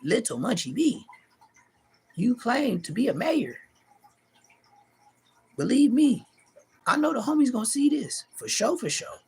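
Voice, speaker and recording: A middle-aged man delivering a profane, taunting callout rant to the camera, animated and mocking. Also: a little slow, vocal fry, pauses often, breathy edge. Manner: animated, profane, taunting, pitch leaping high in mocking bursts. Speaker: street vlogger.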